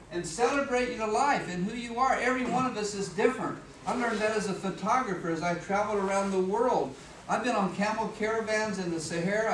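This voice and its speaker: Lively, humorous man giving a motivational talk. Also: sits high. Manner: humorous, animated, acts out voices and sounds. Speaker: speaker at a business meeting. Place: office meeting room. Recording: echoey room, far from mic, background noise.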